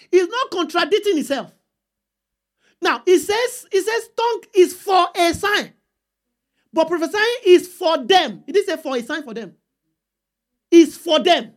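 High-voiced woman preaching. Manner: call-and-response with the congregation, emphatic repeats. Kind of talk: sermon.

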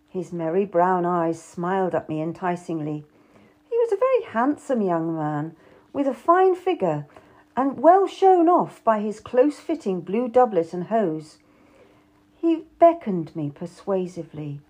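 A woman's voice: on the low side, very animated, measured pace, a little mellow. A woman narrating a historical novel in the first person, reading expressively. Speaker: audiobook narrator.

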